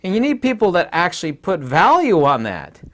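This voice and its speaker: A man's voice: high-pitched, wildly swooping pitch, normal speed, a bit bright. A middle-aged man hosting his own channel, giving a rambling, opinionated monologue full of fillers and asides. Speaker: channel host. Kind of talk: casual monologue to camera.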